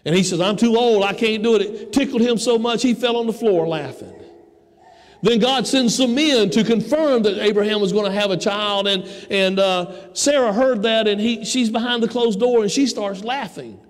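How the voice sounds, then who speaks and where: A man with a high voice preaches a sermon and acts out the voices of the people in his story. His voice rings out with a long church reverb around it. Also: moderate pace. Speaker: pastor. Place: church sanctuary.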